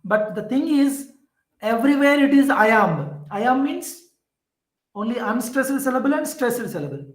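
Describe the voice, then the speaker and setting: Indian english guy teaching poetry, really slow, says things twice, roomy echo. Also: very high-pitched, lively intonation. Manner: slow, repetitive explaining with fillers. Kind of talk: classroom lecture on poetry.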